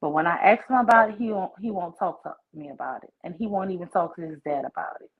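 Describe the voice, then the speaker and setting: A woman's voice: fairly low pitch, fast, gravelly, breathy edge. A woman in her forties, a guest on a livestream, telling her story in an outraged, emphatic way over a video call. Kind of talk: candid livestream conversation. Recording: muffled lo-fi stream audio.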